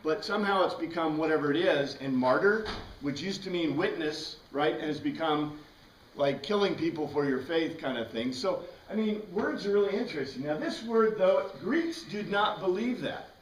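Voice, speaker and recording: A man leads a Bible class in an easy, conversational way, tossing questions to his students as he goes. His voice sits a bit high. He is picked up from across an echoey room. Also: animated, normal speed, distant mic. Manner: conversational, asks the class questions, frequent "right?". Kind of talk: informal classroom lecture.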